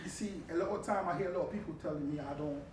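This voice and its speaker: A laid-back man chatting as a guest, joking easily, his voice sitting a little high for a man. He is recorded from a distance in a very echoey room with audible background noise. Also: very fast. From Ghana. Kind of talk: casual panel chat.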